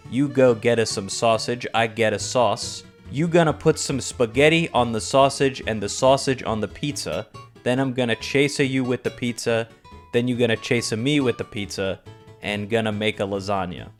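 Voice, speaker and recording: A man's voice: mid-range voice, moderate pace, soft background music, natural voice. A man voicing a cheerful cartoon Italian plumber with an exaggerated, silly Italian-ish accent. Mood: playful. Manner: bouncy and playful.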